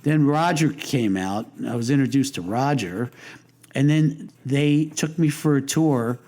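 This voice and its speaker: A man's voice: medium pitch, unhurried, dark tone. An older man being interviewed, telling long stories in a rambling, amused way, often restarting his sentences. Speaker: interview guest. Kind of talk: casual storytelling interview.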